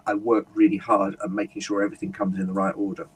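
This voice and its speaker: Husky-voiced man telling stories. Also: on the low side, quick pace. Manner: animated storyteller, acts out quoted asides. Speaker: guest speaker. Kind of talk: conversational interview.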